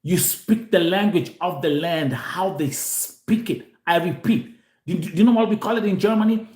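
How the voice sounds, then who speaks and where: Animated Kenyan man in an echoey room. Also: high voice, moderate pace. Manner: animated, mixes Swahili and English, repeats himself. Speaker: host. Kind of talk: live show monologue to viewers.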